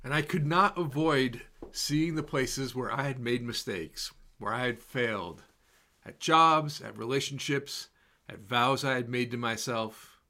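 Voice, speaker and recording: A man preaching a sermon in a slow, measured, reflective way, letting repeated words fall soft and quiet. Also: mid-range voice.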